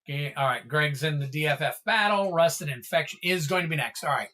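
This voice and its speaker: A man's voice: on the high side, lively intonation, a little fast, pushed and bright. A man hosting a trading card livestream, chatting casually and thanking viewers by name.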